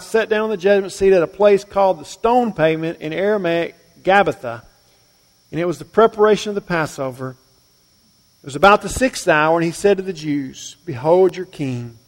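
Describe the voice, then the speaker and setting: A male pastor preaching a sermon. He swings between loud, emphatic lines and quiet, low asides. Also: in a large hall.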